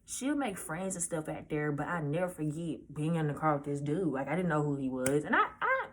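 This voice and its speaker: A nineteen-year-old woman telling a personal story in a casual, halting way, often restarting her sentences. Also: low-pitched, very animated. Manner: halting, hesitant, with many restarts; casual, informal speech. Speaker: vlogger.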